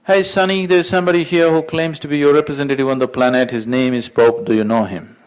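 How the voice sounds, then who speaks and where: A man's voice: on the low side, slow, a little mellow. A man voicing Peter, an unimpressed gatekeeper at heaven's gate who talks in an offhand, dismissive way. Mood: calling out.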